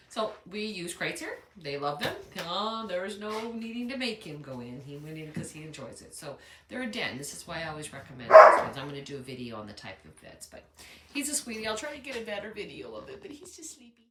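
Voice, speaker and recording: A woman's voice: medium pitch, very animated, a little fast, fairly bright tone. Chatty woman breeder in an echoey room. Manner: cooing baby talk to puppies, chatty. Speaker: dog breeder. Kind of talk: casual narration over home dog videos. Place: home kitchen under construction.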